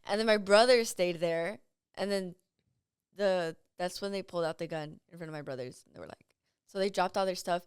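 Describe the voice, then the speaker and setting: A woman guest on a casual podcast, telling a long story and leaning on "like" as she rambles. Her voice is smooth and clear, recorded dry and close in a studio. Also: fairly low pitch, moderate pace, no echo. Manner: rambling, heavy use of "like".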